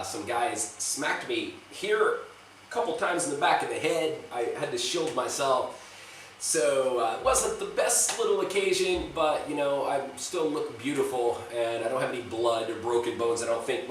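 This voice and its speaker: A man's voice: medium pitch, fairly bright tone, distant mic, a little hiss or hum. A man vlogging in a rambling, chatty way, swearing now and then, giving a tour of a small apartment. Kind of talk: casual vlog chat and apartment tour. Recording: echoey room, voice off-mic, faint ambience.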